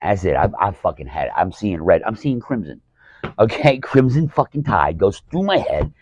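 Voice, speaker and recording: A man's voice: low-pitched, very animated, moderate pace, darkish tone, no echo, lo-fi sound. A man telling a profane, exasperated story about a show as a stand-up comedian. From Alabama. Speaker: stand-up comedian, podcast host. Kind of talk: casual storytelling rant.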